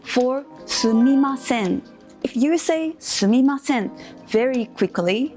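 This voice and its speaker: Teacher woman with a higher voice. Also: big pitch swings, darkish tone, soft background music. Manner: clear, careful delivery with slow repeat-after-me drills. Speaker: Japanese language teacher. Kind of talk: scripted language lesson for beginners.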